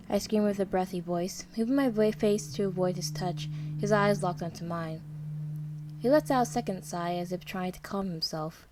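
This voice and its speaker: A woman narrating a dark story in the first person, with a dramatic, tense and fearful delivery. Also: medium pitch, brisk. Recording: noisy background hiss.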